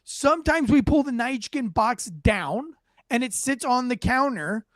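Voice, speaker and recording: A middle-aged man hosting a casual commentary show, reacting to police footage in a blunt, profane, animated way. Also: very high-pitched, measured pace, no room sound, studio quality.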